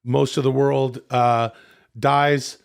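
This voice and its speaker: A man of middling pitch riffs on a comedy podcast, rambling and restarting as ideas come to him. He talks casually and swears freely. The delivery is loose and conversational. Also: level tone, slow, vocal fry, clean tone. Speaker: podcast co-host.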